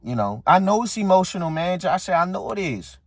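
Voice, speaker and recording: A man's voice: high-pitched, big pitch swings, fairly quick, no room sound. Heated man ranting about football. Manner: heated, repetitive, talks straight to viewers. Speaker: sports commentary channel host. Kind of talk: casual sports opinion rant.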